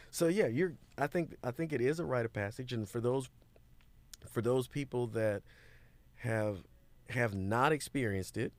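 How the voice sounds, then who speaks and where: A man as a podcast guest, telling stories about business setbacks in a lively way and acting out what people said. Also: medium pitch, a little slow, dry recording. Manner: animated storytelling, acts out quoted voices. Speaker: guest, business owner and mentor. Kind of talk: casual podcast interview.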